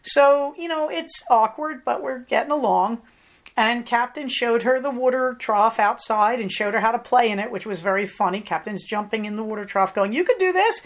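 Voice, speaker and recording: A woman's voice: fairly high pitch, fairly even intonation, normal speed. A middle-aged woman, a podcast host and psychotherapist, chatting casually and acting out little voices when she quotes others. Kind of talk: casual chat.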